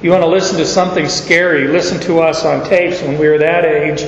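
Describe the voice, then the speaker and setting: A man's voice: a little high, steady tone, brisk, a little hiss or hum. A man preaching a sermon, explaining scripture in a folksy way with stories from his own life. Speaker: pastor. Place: large church hall. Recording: echoey dull church hall recording.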